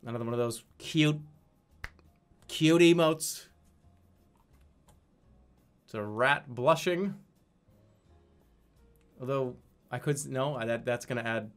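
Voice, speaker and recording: A young man reviewing his viewers' emotes, rambling and joking, stumbling over his words and swearing. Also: mid-range voice. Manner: rambling, animated, swears, slips into silly voices. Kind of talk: casual comedic commentary.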